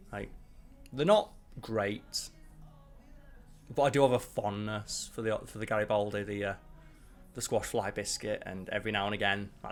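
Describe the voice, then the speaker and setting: A man's voice: on the low side, vocal fry. Rambling, profane man. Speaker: channel host ranking biscuits. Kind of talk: casual live-stream chat.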